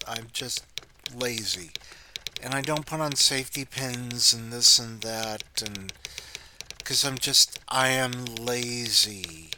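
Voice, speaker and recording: A man's voice: medium pitch, background noise. A man hosting his own short podcast, reading a brief story aloud with dry, self-deprecating asides and a few stumbles over his words.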